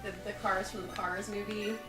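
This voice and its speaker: A woman co-hosting a game playthrough, chatting casually and often breaking into playful mock sales-pitch voices. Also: level tone, a little fast. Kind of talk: casual let's-play chat. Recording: roomy, distant mic, game music behind.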